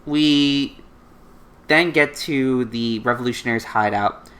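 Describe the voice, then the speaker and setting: A woman's voice: a bass voice, slow. A woman co-hosting a casual anime recap, retelling scenes with lots of swearing and acted-out lines. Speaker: co-host recapping anime episodes. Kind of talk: casual podcast chat.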